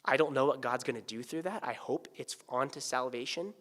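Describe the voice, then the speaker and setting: A male pastor preaching a sermon, swinging from hushed, tender asides to loud, pleading emphasis. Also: medium pitch, a little fast. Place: church sanctuary. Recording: church sanctuary with long reverb.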